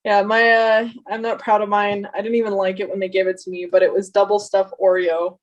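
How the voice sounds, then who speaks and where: Earnest woman with a flat delivery. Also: mid-range voice, brisk, lo-fi sound. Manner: earnest, talkative. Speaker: guest. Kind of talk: casual interview chat.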